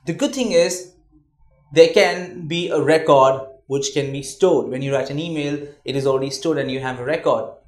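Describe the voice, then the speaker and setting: In a reverberant space, a man with a fairly high voice teaches a communication class at a moderate pace. The trainer keeps his lecture conversational, repeating words and often asking "all right?"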